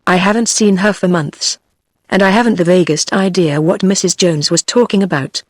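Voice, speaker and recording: A woman's voice: fairly low pitch, moderate pace, no echo, clean studio sound, lightly acted. A text-to-speech woman's voice with a British English accent, reading the lines of an earnest, flustered young man. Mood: pleading. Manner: earnest, pleading.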